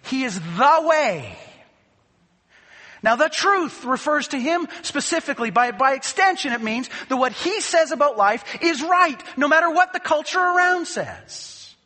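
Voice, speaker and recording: Preaching to his congregation, this pastor speaks with emphasis and poses rhetorical questions. His voice is extremely high, sing-song, bright, and forceful, moving a little slowly, and long reverb from a large hall fills the recording.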